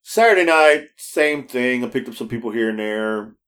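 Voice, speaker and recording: On a podcast, a male co-host with a medium-pitched voice and normal speed tells stories in relaxed conversation. He's animated, laughs a lot, swears freely, restarts often, and performs the voices of the people he quotes.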